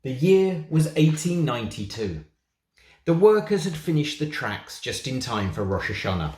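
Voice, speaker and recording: A man's voice: medium pitch, big pitch swings, normal speed, darkish tone, echoey room. A man from England reads a children's picture book aloud for a synagogue, with playful, chatty asides. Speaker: storybook reader for a synagogue.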